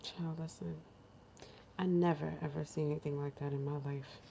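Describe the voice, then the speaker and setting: Animated laughing woman telling a story. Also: low voice, normal speed, creaky, slightly rough. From New York. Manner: animated, laughing, acts out crying voices in quotes. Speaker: lifestyle vlogger. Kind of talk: casual storytelling. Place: home kitchen.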